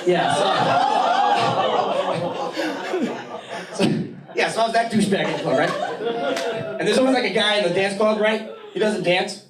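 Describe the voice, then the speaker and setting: A man doing stand-up comedy in a small theater, telling stories and acting out loud characters. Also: high-pitched, heavy background noise. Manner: animated, acts out loud characters. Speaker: stand-up comic. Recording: echoey room, mic from far, loud crowd.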